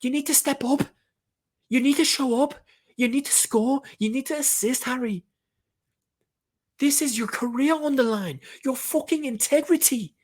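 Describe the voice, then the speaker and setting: A man's voice: very high-pitched, normal speed, voice pushed up. A man putting on an English accent to deliver an urgent, pleading mock pep talk, swearing as he pushes. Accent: English, put on.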